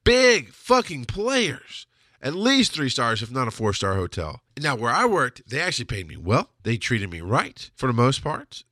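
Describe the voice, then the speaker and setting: A man's voice: mid-range voice, huge pitch swings, measured pace, bright, forceful tone, no room sound, studio quality. A man hosting a podcast, delivering a blunt, heated, profane solo rant. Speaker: podcast host. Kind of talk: ranting solo monologue.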